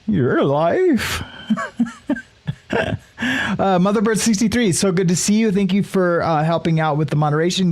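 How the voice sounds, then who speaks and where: Greeting his viewers by name, this livestream host rambles casually through his morning show with plenty of fillers and restarts, his voice a little high and a little mellow.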